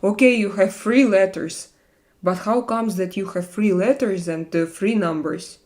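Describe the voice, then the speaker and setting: Woman, Russian accent, livestream host, casual chat, hesitant non-native English, unhurried pace. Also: mid-range voice, a little mellow.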